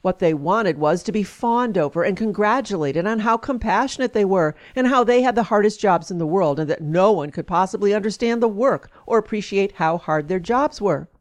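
A woman reading an essay aloud with expressive emphasis, then adding her own comments as a speaker. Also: medium pitch, normal speed, few pauses.

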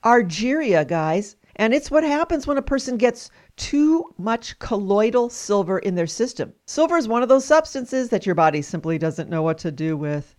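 A woman's voice: medium pitch, a little mellow. A woman hosting a trivia game, cheerfully reading out facts to her guests. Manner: cheerful, reads facts aloud, laughs often. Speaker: host. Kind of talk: hosted trivia game show.

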